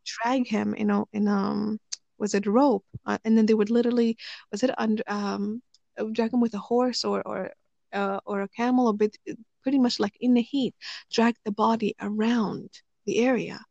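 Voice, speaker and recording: A woman telling stories in relaxed conversation, rambling with many fillers and restarts. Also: mid-range voice, normal speed, gravelly, no echo. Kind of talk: casual conversational storytelling. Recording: dry, slightly muffled recording.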